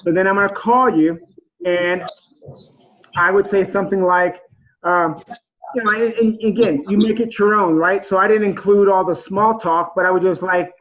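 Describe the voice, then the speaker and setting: A man's voice: high voice, fairly even intonation, moderate pace, narrow, tinny audio. A man giving a casual, rambling coaching talk on sales calls, acting out example phone conversations. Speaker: sales trainer.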